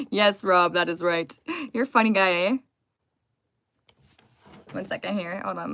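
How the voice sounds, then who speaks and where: A woman's voice: on the low side, a little slow, pauses often, a bit bright. A young woman live streaming from home, chatting casually and greeting her viewers by name.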